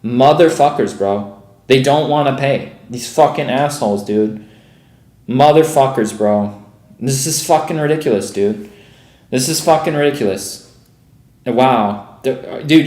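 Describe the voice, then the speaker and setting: A man's voice: mid-range voice, measured pace, darkish tone, echoey room. A young man giving profane, exasperated live commentary on his trades as a streaming day trader, peppering every sentence with "bro" and "dude.".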